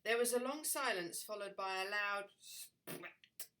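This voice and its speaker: A woman teacher reading a picture book aloud to children, expressive and slow, pointing out the pictures. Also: mid-range voice, far from the mic, a little hiss or hum.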